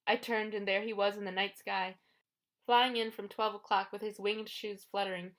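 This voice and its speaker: A woman reading a first-person adventure audiobook in a steady storytelling voice. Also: medium pitch, moderate pace. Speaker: audiobook narrator.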